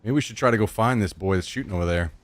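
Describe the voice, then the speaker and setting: A man's voice: on the low side, very fast. Rambling Southern-accented man gaming. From Missouri. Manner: rambling, drawling, trails off mid-sentence. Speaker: streamer. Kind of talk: casual gaming chat.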